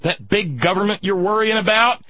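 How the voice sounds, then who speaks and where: A man giving impassioned political commentary, sarcastic and indignant, rising to shouts. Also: sits high, animated, normal speed, husky, dry recording, dull audio.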